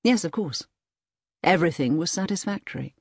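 A woman voicing a weary male security official in an audiobook reading, measured and level. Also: fairly low pitch, lively intonation, a little mellow, breathy edge, no echo, clean studio sound.

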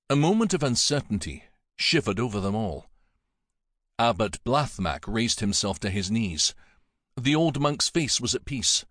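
A man narrating an audiobook in a measured, dramatic storytelling manner. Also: lowish voice, fairly bright tone, no room sound, studio quality.

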